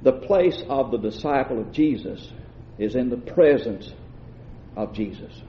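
A man's voice: expressive, unhurried, a little hiss or hum. Male pastor, preaching, dull lo-fi sound, big echo. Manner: preacherly, swings from shouting to low asides. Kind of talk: sermon. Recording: roomy, dull lo-fi church recording.

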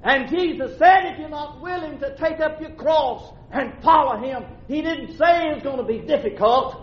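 A male pastor, preaching a sermon that swings from shouting to low asides. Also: normal speed. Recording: roomy, dull lo-fi church recording.

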